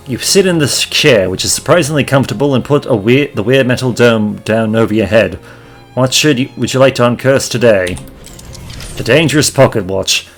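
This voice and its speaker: A man hosting a let's play, reading out the game's text in an even, middle voice. He drags out the narration and muses to himself between choices. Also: medium pitch. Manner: slow, drawn-out narration of game text. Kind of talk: reading game text aloud.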